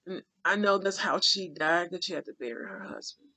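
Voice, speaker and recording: A man's voice: high voice, fairly quick, pushed and bright. A man telling a rambling, heartfelt spiritual story in casual vlog talk, full of restarts and folksy asides. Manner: colloquial, drawling asides like "child" and "honey". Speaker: spiritual channeler.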